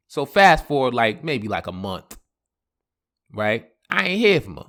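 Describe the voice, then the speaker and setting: A man's voice: mid-range voice, measured pace. A man hosting a podcast. He tells a story casually, using a lot of slang and fillers and acting out quotes in different voices. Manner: animated, acts out quotes in voices; relaxed slang with many fillers. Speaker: podcast host.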